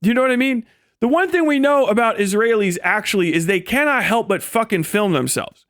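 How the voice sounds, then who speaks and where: A man's voice: high-pitched, lively intonation, brisk, a bit bright, dry recording, clean studio sound. A man hosting a live stream, ranting in a profane, mocking way and mimicking people sarcastically. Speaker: streamer host.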